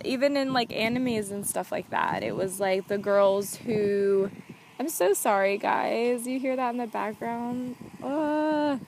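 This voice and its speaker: A woman's voice: mid-range voice, a little hiss or hum. A young woman hosting her own podcast, talking casually and earnestly with lots of "like" as filler. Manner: chatty, earnest, heavy use of "like". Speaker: podcast host. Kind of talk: casual solo podcast talk.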